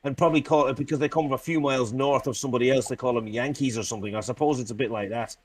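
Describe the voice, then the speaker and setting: A man's voice: mid-range voice, fairly even intonation, very fast, a crowd in the background. A man from North East England with a Geordie accent, chatting bluntly and swearing as he tells stories. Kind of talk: casual political chat.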